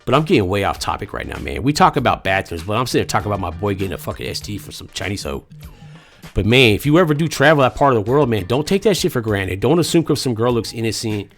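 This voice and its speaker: A man's voice: on the low side, sing-song, fast talker, faint music behind. A man from the United States telling a crude comedic story, profane and rambling with lots of slang.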